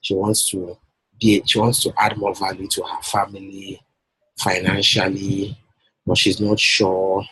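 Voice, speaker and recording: Husky, persuasive man coaching. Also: sits low, fairly bright tone, dry recording, low-quality recording. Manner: persuasive, repeats himself, checks for understanding. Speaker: business coach. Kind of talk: one-on-one coaching call.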